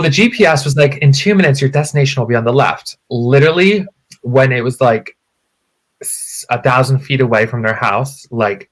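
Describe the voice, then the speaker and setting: A man in a casual podcast chat, telling a story in a lively way. He swears often and jumps his voice way up whenever he quotes someone. His voice sits at an everyday mid pitch. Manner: animated storyteller, swears freely, jumps to high pitch when quoting people. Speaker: co-host.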